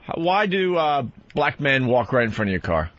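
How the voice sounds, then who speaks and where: Lively male radio host taking calls. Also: mid-range voice, normal speed, noisy background. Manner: lively, takes calls and steers the talk. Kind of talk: casual radio banter. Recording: dry, dull radio broadcast.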